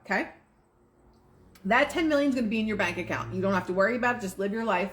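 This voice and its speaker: This is a woman teaching manifesting in a relaxed, rambling way, full of "like" and restarts. Her voice sits in a middle register. She records on a home setup, and the sound bounces with a noticeable room echo. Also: medium pitch, fast. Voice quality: relaxed, chatty, many fillers like "like". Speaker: host of a manifesting livestream. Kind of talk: casual spoken teaching. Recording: roomy echo.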